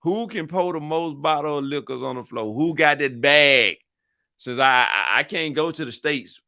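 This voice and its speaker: Male host, casual rambling monologue, slangy and repetitive, forceful tone. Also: a little high, normal speed, creaky, no echo, studio quality. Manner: slangy, repetitive, playful hype. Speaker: channel host.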